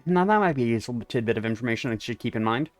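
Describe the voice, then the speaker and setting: A casual, chatty man narrating a game as he plays, reading the dialogue and dropping wry asides. His voice sits at an ordinary middle pitch. The sound is dry, with faint game music underneath. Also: lively intonation, rapid-fire, no echo. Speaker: game streamer. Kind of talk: let's-play commentary and reading aloud.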